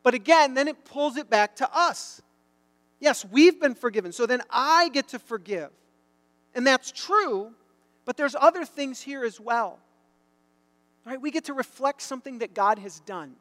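A middle-aged man preaching a sermon, telling a story and building to loud, emphatic bursts. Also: extremely high pitch, animated, measured pace. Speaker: pastor. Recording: long hall reverb.

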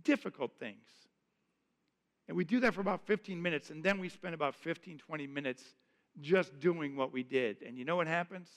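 Pastor, male, slightly high voice, earnest conversational sermon delivery, long reverb of a church hall. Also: fairly quick. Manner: earnest, conversational preaching with repeated phrases.

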